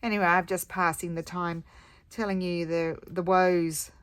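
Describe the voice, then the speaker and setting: A woman's voice: lowish voice, level tone, normal speed, smooth. A middle-aged woman chatting casually and rambling about her day while she works on a craft project. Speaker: craft video host.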